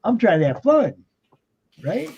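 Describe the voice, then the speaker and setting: A man's voice: high voice, sing-song, measured pace, gravelly, dull audio, a little hiss or hum. A man hosting a live stream, talking casually and emphatically with lots of fillers and swearing. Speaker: streamer and show host. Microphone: computer mic on a live stream.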